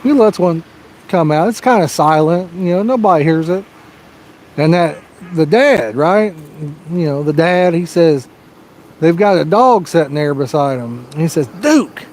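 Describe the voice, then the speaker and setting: A man's voice: on the high side, expressive, normal speed, darkish tone. A man hosting a fishing livestream outdoors, chatting casually and telling a rambling joke with lots of "you know.". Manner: rambling, folksy storytelling with frequent "you know". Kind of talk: casual live-stream chat and joke telling. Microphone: personal microphone.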